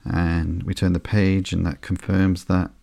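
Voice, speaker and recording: A man with a very low, gravelly voice hosts a sleepy podcast, walking through a comic slowly with plenty of ums and uhs. His delivery stays almost flat, with very little rise and fall. The sound is close and dry. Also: no echo. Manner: slow, flat and unhurried, with frequent ums and uhs. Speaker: podcast host.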